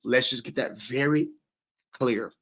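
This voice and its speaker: A man's voice: mid-range voice, measured pace, a bit bright, husky. A man hosting a casual livestream, talking straight to his viewers about their comments. He is emphatic and repetitive, hammering points home and swearing freely, in a mid-range voice. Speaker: livestream host.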